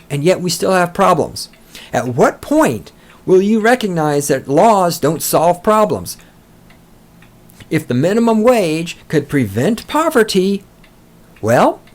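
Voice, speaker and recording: A man hosting a podcast, ranting with sarcastic, profane, mocking commentary. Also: high-pitched. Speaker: podcast host.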